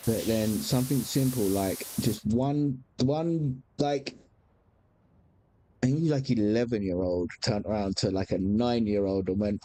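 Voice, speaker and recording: A man's voice: on the low side, moderate pace, mellow. A man, chatting candidly as a game streamer, rambling with frequent restarts and casual swearing. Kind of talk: casual chat while gaming.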